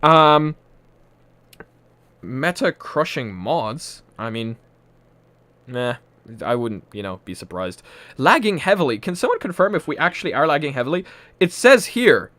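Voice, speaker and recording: A man's voice: a little high, big pitch swings, measured pace, pauses often, pushed and bright. A man from Poland with a mixed, partly Irish accent, casually chatting and rambling on a live stream with frequent laughs from a home room. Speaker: livestream host. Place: home room with a ring light.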